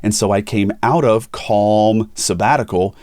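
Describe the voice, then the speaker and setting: A man's voice: lowish voice, unhurried, no echo, studio quality. A middle-aged man, a pastor hosting a podcast, telling personal stories in candid conversation and acting out the people he quotes. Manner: animated storytelling, acts out quoted voices.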